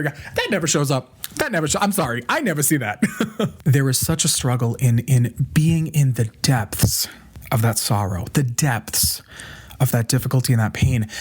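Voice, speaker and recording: A man with a husky, breathy voice delivers an uplifting monologue. He sits at an ordinary middle pitch and speaks softly and earnestly. He often sinks into a near-whisper for emphasis. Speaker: motivational speaker. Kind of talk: inspirational monologue.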